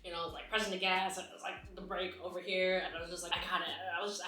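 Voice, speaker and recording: A woman's voice: lowish voice, a little fast, few pauses. A young woman telling a personal story in a casual vlog, with lots of fillers, acting out the lines she quotes. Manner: animated, acts out quotes, many fillers. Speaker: mukbang vlogger. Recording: very echoey room.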